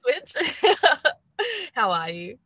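A woman's voice: high voice, wildly swooping pitch, extremely slow, a bit bright, rough recording. A woman with an Australian accent hosting a podcast, chatty and giggly, rambling between thoughts. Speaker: podcast host. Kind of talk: casual chat.

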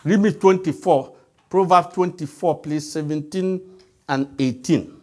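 A man's voice: on the high side, a little slow, warm tone. A man preaching a sermon, emphatic and quizzing the congregation with call-and-response questions.

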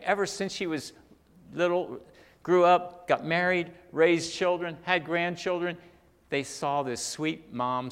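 Man preaching a sermon in a reverberant hall. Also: medium pitch. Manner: preacher who swings from loud, climbing emphasis to quiet and intimate. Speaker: pastor.

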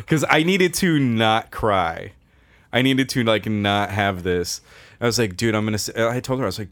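Low-voiced man telling rambling stories. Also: normal speed. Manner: swearing, laughing, rambling storyteller. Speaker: podcast co-host. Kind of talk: casual chat.

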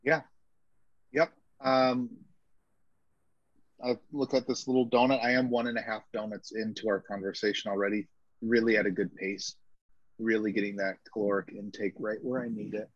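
A man's voice: fairly low pitch, little pitch movement, normal speed, long pauses, dry recording, highs cut off. A man co-hosting a casual chat, joking and self-deprecating. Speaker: podcast co-host.

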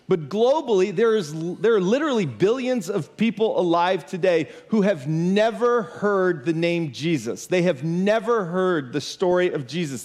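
A pastor giving a conversational sermon from the United States, emphatic and full of rhetorical questions. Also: male voice, high-pitched, darkish tone.

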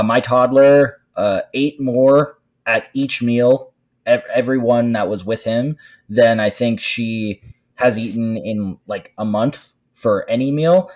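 Animated man telling parenting stories. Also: on the low side. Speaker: podcast co-host. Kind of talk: casual chat.

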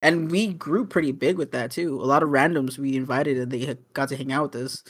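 A man's voice: medium pitch, fairly even intonation, a little fast. A young man co-hosting a casual podcast, rambling with lots of fillers, restarts and swearing. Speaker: podcast co-host. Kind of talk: casual chat.

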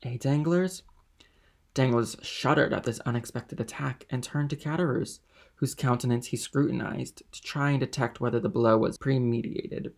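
A male audiobook narrator reading a classic novel with steady, even pacing. His mid-pitched voice carries a gravelly edge. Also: moderate pace. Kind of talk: scripted narration.

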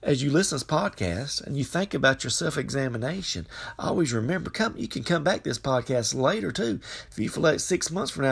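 A man's voice: on the high side, lively intonation, a little fast, vocal fry, fairly bright tone, breathy edge. A man giving an earnest, folksy devotional sermon into his phone microphone. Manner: earnest, folksy, repeats phrases, exclaims hallelujah. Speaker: podcast preacher.

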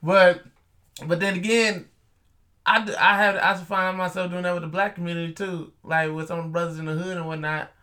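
With a high-pitched voice at a moderate pace, a young delivery driver spins a casual, profane, lively story, voicing each of the people in it himself.

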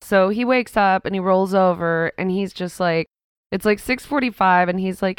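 A woman's voice: medium pitch, normal speed, smooth, dry recording, clean studio sound. A young woman co-hosting a podcast with her sister at home, chatting casually, laughing often and swearing easily. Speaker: podcast co-host. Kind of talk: casual chat. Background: cat in the room.

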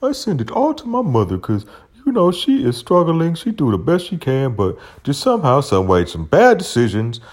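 A man's voice: a little high, huge pitch swings, moderate pace, a little mellow, voice pushed up. A man voicing a young man who stammers out excuses for sending his money to his mother. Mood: defensive. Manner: stammering, defensive.

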